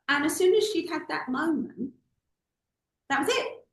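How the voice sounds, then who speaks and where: Appearing as an interview guest, a woman who coaches public speaking tells stories expressively and acts out the voices in her anecdotes. She speaks at a normal speed in a high voice. The recording is rough, with an echoey room.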